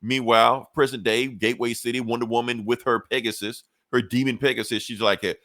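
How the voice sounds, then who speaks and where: A man's voice: mid-range voice, little pitch movement, a little fast, bright, forceful tone, no room sound, clean studio sound. A man on a podcast casually retelling a comic book story, loose and profane, laughing often. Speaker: podcast co-host.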